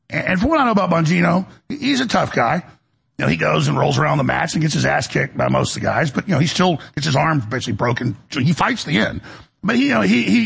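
Gravelly ranting man with a lively pitch. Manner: ranting, repetitive stammering restarts. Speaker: talk show host. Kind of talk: political commentary monologue.

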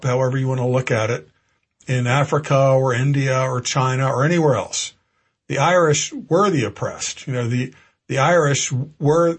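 A man's voice: medium pitch, slightly rough. A man hosting a political talk radio show, delivering a discursive, lecturing monologue with frequent restarts. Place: home studio in Florida.

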